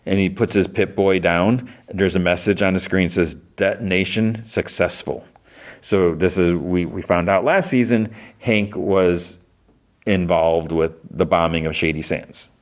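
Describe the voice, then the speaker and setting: Recapping a TV episode on his podcast, a host with a deep voice talks at a measured pace and fairly even intonation. He rambles, leans on fillers, restarts often, and briefly voices characters' quoted lines.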